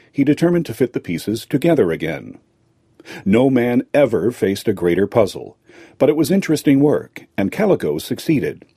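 A man narrating a fairy tale aloud in a lively storytelling manner. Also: fairly low pitch, husky, no room sound, clean studio sound.

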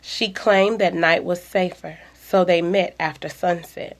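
A woman narrating a story with a fairly low voice and a slow, deliberate pace. Her reading stays measured and low-key, letting each line settle. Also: fairly even intonation.

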